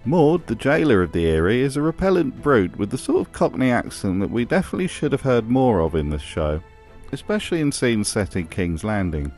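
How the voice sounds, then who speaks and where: A man's voice: mid-range voice, big pitch swings, fairly quick, music in the background. Dry-humoured man narrating. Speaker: video narrator. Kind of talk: scripted narration.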